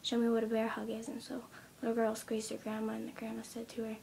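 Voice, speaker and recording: A young woman in her teens retelling a story in a casual vlog, speaking softly and often near a whisper, with many ums. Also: fairly high pitch, monotone, quick pace, vocal fry, a little hiss or hum. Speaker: vlogger.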